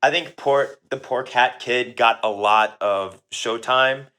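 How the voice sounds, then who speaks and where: A man's voice: medium pitch, slow, bright, forceful tone. A man co-hosting a casual book club podcast, talking enthusiastically with many fillers. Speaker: podcast co-host.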